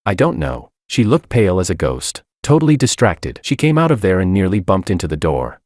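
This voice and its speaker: A man playing an excitable gossipy friend. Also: sits low, brisk, dry recording, clean studio sound. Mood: excited. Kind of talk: storybook narration.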